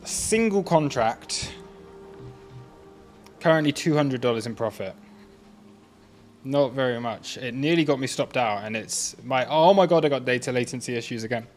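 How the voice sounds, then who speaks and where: A man hosts a live trading stream, chatting casually and frequently laughing at himself. His mid-range voice is animated, at a moderate pace with long pauses, and faint music plays behind him.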